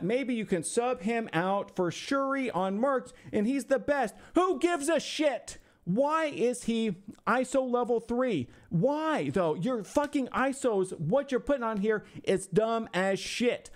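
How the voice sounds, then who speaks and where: A man streaming a mock-insulting review of a viewer's game roster, ranting profanely and sarcastically in exasperation. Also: high voice. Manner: sarcastic, talks back to imagined hecklers. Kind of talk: mock-insulting livestream commentary.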